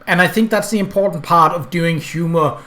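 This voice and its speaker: A man's voice: a little high, a little fast, sharp tone. A man from Denmark, a native Danish speaker with a Danish accent, rambling through casual game commentary with many fillers.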